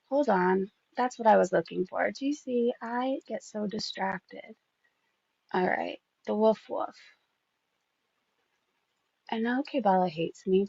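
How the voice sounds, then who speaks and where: Woman, gossip host, gravelly fry, dry slightly dull recording, sarcastic, distracted. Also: medium pitch, no echo. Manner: sarcastic, easily distracted, swears freely. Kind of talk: casual commentary reading screenshots.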